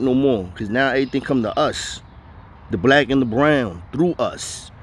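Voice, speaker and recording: With slight background noise behind him, a medium-pitched man tells stories in a casual, profane style, leaning on street slang and saying "know what I mean" again and again.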